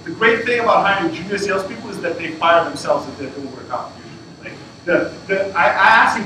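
A man with a high voice gives a blunt, sweary talk to an event crowd. He is heard from far off in a very echoey room. Loud noise runs under his voice the whole time. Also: fast talker. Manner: blunt, profane, emphatic storytelling. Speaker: startup founder speaking at a fireside chat. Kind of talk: casual talk to an audience.

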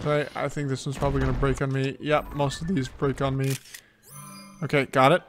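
A man's voice: medium pitch, level tone, fairly quick, noisy background. A man giving casual gameplay commentary as a let's play host, thinking aloud and repeating himself as he plays.

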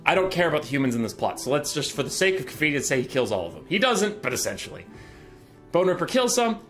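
A man's voice: fairly high pitch, big pitch swings, fast, a bit bright, faint music behind. A young man recapping game lore in an irreverent, sarcastic, comedic way. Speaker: video creator.

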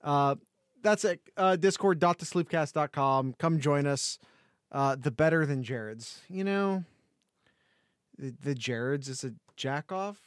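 A man's voice: on the high side, measured pace, clear, resonant tone, dry recording, studio quality. Joking, rambling man co-hosting a podcast. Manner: joking, rambling, with many restarts. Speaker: podcast co-host. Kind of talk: casual chat.

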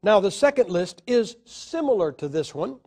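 Male preacher, high voice, combative teaching tone with lots of "uh" pauses. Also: very animated, darkish tone. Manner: argumentative, rhetorical questions, hesitant fillers. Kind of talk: Bible teaching lecture.

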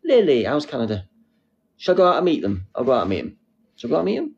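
A young man hosting a casual live stream, reading out comments with a playful, silly manner and sudden squeaky jokes. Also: huge pitch swings, very fast, creaky, a little mellow, highs cut off. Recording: faint background noise.

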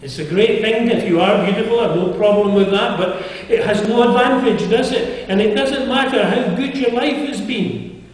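An older Englishman preaches a sermon in a chapel, earnest and conversational, often putting questions to his listeners. His voice sits high at a normal speed, and the echoey chapel is heard from far off.

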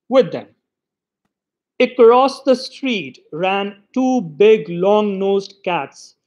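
High-voiced man reading a story aloud. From Pakistan. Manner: expressive storytelling, voices the quoted lines. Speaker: reader of short stories. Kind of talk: literary reading.

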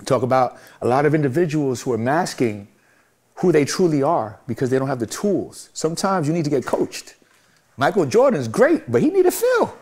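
A man's voice: medium pitch, darkish tone. A middle-aged man from Brooklyn, speaking as an interview guest in a reflective, heartfelt way and repeating phrases for emphasis. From Brooklyn, New York.

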